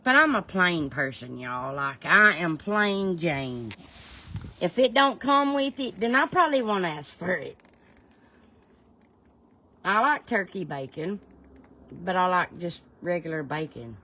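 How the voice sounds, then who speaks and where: A woman's voice: fairly low pitch, sing-song, a little slow, long pauses, bright, forceful tone. A woman chatting casually on a livestream, answering viewers by name in a folksy way. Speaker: livestream host. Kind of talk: casual livestream chat, reading viewer comments.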